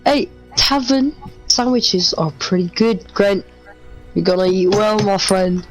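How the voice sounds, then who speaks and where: A cheerful player describing their character's actions at a tabletop game. Laughs come easily. Quiet music plays underneath. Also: medium pitch, slow pace, low-quality recording.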